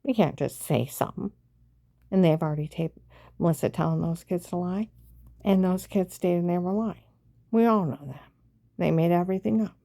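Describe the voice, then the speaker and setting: Woman vlogger, lowish gravelly voice, meandering storyteller with whispered asides. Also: normal speed, long pauses, mellow, no room sound, studio quality. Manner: rambling, with sudden whispered asides. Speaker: vlogger recounting events. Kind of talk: rambling monologue.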